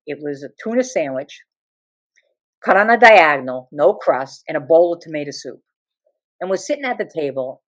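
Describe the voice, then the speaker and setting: An animated woman tells comic family stories as an interview guest. Her pitch swings widely and she laughs often, brash and lively. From New Jersey. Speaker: guest storyteller.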